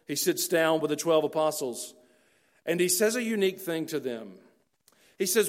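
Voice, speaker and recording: Earnest preacher with a higher voice. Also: male voice, expressive. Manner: earnest, slows down for emphasis. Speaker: pastor. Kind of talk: sermon.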